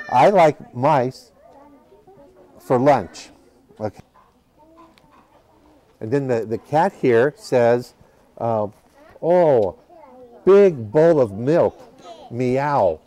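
A man's voice: mid-range voice, warm tone. A man reading a picture book to children at a library, patiently asking the children questions as he goes. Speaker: library storytime reader.

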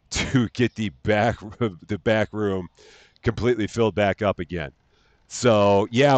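A man's voice: on the low side, dry recording. A man hosting a live game stream, greeting viewers by name in a cheerful sing-song lilt. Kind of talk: live gameplay stream chat.

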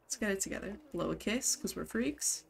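A woman's voice: medium pitch, expressive, fairly quick, vocal fry, a little hiss or hum. A woman streamer giving casual live commentary on a life-simulation game, bursting into laughter and scolding her game characters.

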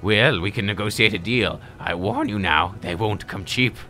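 Guy reading a fat fawning demon slaver from a game, smooth sales pitch, bright voice. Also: normal speed, slight background noise. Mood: oily. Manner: wheedling, smooth salesman talk.

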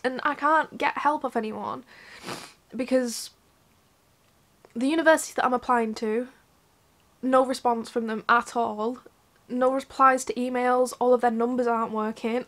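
A young woman vents straight into her camera from a room at home, her voice sitting a little high. She rambles and swears freely, sounding upset and close to tears. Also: a bit bright. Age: young adult. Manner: frank, rambling, swears often. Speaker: vlogger. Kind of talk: candid talk to camera. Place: indoors at her mother's home.

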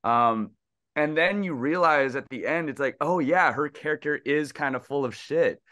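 A man's voice: a little high, moderate pace, fairly bright tone, no room sound, studio quality. A man guest on a casual podcast who talks in an easygoing, hesitant way and acts out his own quoted reactions.

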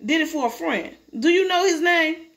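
A woman voicing a police officer who asks questions in an even tone. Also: very high-pitched, moderate pace, voice pushed up. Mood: calm. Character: calm grown man, a police officer.

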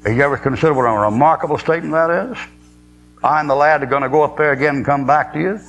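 A man preaching a sermon in a blunt, folksy and sarcastic way, slowing into a weightier cadence when he quotes scripture. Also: fairly high pitch, fairly bright tone, slight background noise, poor audio.

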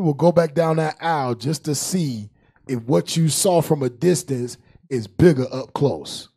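A man's voice: a little high, slow pace, pauses often, mellow, breathy edge. A man preaching a humorous sermon. He laughs often, drags out key words, and calls on a reader to recite verses. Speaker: preacher and teacher.

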